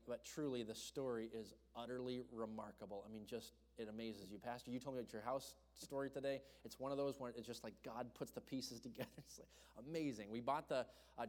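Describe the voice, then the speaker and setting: A young man preaching, telling a personal story in an animated way and acting out the voices of the people in it. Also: medium pitch. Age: young adult. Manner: animated, acts out voices in his stories. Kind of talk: storytelling sermon. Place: church hall. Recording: long hall reverb.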